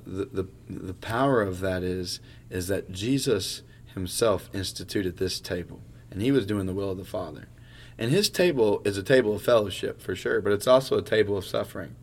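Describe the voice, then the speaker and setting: A man's voice: deep voice, a little hiss or hum. A male pastor in a casual conversation, speaking earnestly and often repeating words as he works through a thought. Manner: earnest, stumbles and repeats words while thinking aloud.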